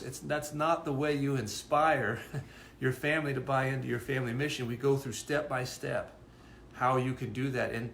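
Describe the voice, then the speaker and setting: A man's voice: mid-range voice, fairly even intonation, normal speed, vocal fry, fairly bright tone, roomy sound, a little hiss or hum. A man co-hosting a parenting talk, explaining in an earnest, casual way and often restarting his words. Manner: earnest, repeats words while thinking. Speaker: co-host presenting a parenting course.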